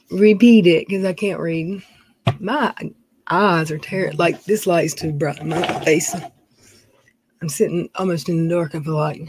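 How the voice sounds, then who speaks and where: A woman's voice: fairly low pitch, darkish tone, no room sound. A middle-aged woman, chatting casually on a home live stream, reading viewer names and talking in a folksy way. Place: dim room at home.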